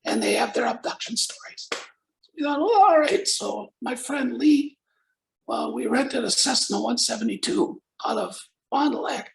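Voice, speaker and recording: A man's voice: very high voice, creaky, poor audio. An older man, a former radio personality, telling stories casually and acting out the other voices in them. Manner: lively storyteller acting out voices in his anecdotes. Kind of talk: casual anecdotal storytelling.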